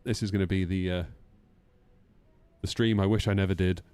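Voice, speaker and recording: A man's voice: sits low, steady tone, normal speed, darkish tone, smooth, dry recording. A man streaming a flight sim, chatting casually, teasing himself and answering chat aloud. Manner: chatty, self-mocking, reads chat aloud.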